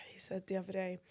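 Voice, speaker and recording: A young mother, chatting casually and expressively about her son, with slangy phrasing. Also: medium pitch. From United Kingdom. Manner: expressive, slangy, drops into near-whispers when quoting. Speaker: podcast co-host. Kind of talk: casual chat.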